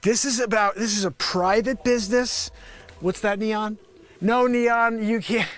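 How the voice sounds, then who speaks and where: A man doing an improvised comedy monologue, rambling and animated, sometimes shouting. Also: high-pitched, a little slow. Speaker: comedian host. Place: home studio with green screen.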